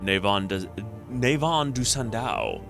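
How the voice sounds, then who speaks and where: A man's voice: fairly low pitch, big pitch swings, unhurried, over music. A man reading the lines of a stern older male temple lector from a retro game, speaking in solemn, formal pronouncements. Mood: grave.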